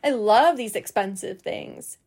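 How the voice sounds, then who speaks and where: Woman putting on a shrill, dramatic little girl. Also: expressive, a little slow, darkish tone, husky. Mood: gushing. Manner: squealing, dramatic outbursts. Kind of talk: reading a children's book aloud.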